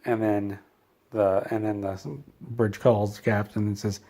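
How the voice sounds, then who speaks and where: A man with a fairly low voice tells a rambling comedic story. He drifts and interrupts himself, and his delivery stays dry and offhand. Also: little pitch movement, a little slow, warm tone. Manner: meandering, self-interrupting, dry. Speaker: comedy channel host.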